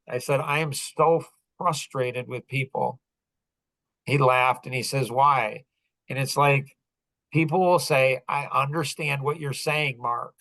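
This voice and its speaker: A man hosting a business podcast, telling a story in casual talk, animated and laughing often as he acts out dialogue. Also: mid-range voice, rough recording. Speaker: podcast host.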